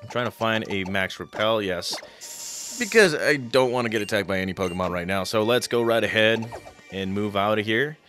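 A man commentating a video game playthrough, chatty and excitable, with frequent stumbles and restarts. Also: on the low side, moderate pace. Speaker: let's play commentator.

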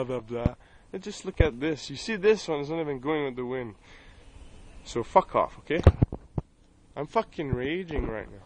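A man's voice: medium pitch, slight background noise, rough recording. Man, Acadian French Canadian accent, furious profane rant, repeats himself, outdoors, phone mic. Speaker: vlogger. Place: outdoors near his home, filming the sky. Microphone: cell phone camera.

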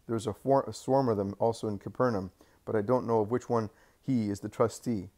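A man voicing a blunt, hot-tempered fisherman apostle who mocks his accusers with quick retorts. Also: on the low side, steady tone, dark tone, close to an everyday voice. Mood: mocking. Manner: mocking, quick-witted retorts.

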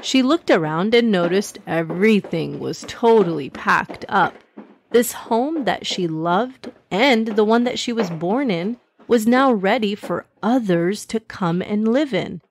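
A woman narrating a children's story in a gentle, expressive way. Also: mid-range voice, measured pace, slight background noise.

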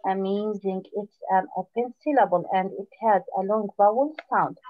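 A woman teaching a phonics lesson online, patient, full of praise, and repeating words slowly for her pupils. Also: mid-range voice. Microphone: video call. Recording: dull lo-fi online call audio.

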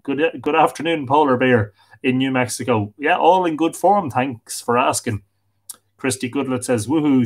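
A man's voice: medium pitch, slightly rough. A middle-aged Irish man hosting a casual livestream, chatting and greeting viewers by name, a little tired from a sore back. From Ireland. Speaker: livestream host. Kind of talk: casual livestream chat, reading comments.

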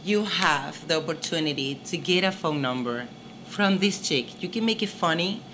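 A woman's voice: deep voice, animated, normal speed, background noise. A woman with a thick accent co-hosting a casual dating chat, teasing and playful. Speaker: co-host giving dating tips.

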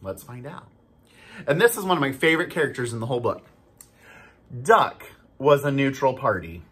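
A school staff member reading a storybook aloud to children, animated and stopping to ask them questions. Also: mid-range voice, normal speed, breathy edge. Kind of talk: storybook read-aloud for kids.

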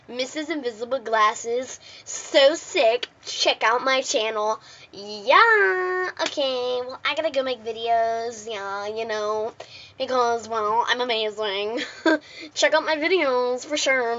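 A smug nerd who brags and pushes his videos, sometimes with a joking threat, as a woman puts him on. The voice is high, and the sound is dull and lo-fi. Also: fairly bright tone. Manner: self-promoting, mock-threatening. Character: boastful nerdy male online video maker.

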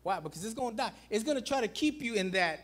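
A man preaches fast and animatedly, shouting out to the congregation. His volume rises to loud calls and drops to quiet emphasis, with "guys" and "watch this" repeated throughout.

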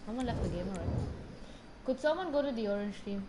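A woman's voice: mid-range voice, lively intonation, fast, noisy background. A woman chatting and complaining while playing an online game with a friend. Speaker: co-player. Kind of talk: casual gaming chat.

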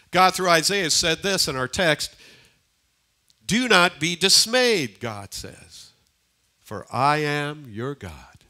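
An older male pastor preaching in a church, his voice bright and a little high. He moves between forceful emphasis and quiet near-whispers, and repeats key lines. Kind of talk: sermon. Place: church sanctuary.

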